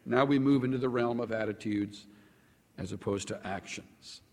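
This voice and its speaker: A man preaching a sermon to a congregation, animated, stretching out key words for emphasis. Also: long reverb tail. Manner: animated, sweeping pitch swings with slow drawn-out emphasis. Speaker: pastor.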